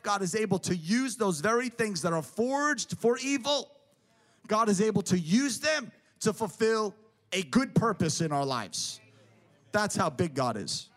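A man with a notably high-pitched voice delivers an emphatic sermon. He drives each point home with repeated, parallel phrases. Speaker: preacher.

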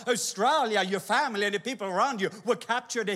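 A man preaching a sermon with animated, dramatic storytelling, acting out voices as he goes. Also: high voice, fast talker, big-room sound.

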